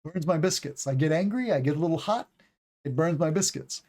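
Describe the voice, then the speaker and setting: A man's voice: fairly high pitch, animated, fairly quick, darkish tone. An American man in his forties teaching English on a livestream, chatty and digressive, repeating words over and over to show how they are pronounced. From United States. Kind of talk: livestreamed lesson answering chat questions.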